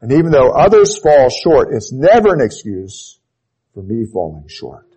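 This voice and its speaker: A man preaching a sermon, emphatic and repetitive, often dropping to a quiet, low intensity at the ends of phrases. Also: very animated, moderate pace, husky, poor audio. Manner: emphatic, repeats key phrases, drops to low intensity on closing words.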